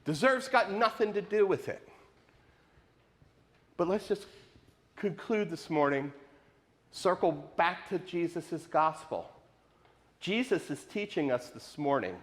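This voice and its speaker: A man preaching a sermon to his congregation, animated and questioning, with lots of rhetorical repetition. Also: medium pitch. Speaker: pastor. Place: church sanctuary. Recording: live in a reverberant sanctuary.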